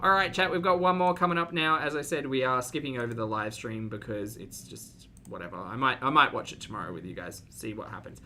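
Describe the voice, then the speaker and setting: A woman's voice: a bass voice, brisk, hardly any pauses, pushed and bright, a little hiss or hum. A woman streamer reacting to videos with sarcastic, mocking commentary.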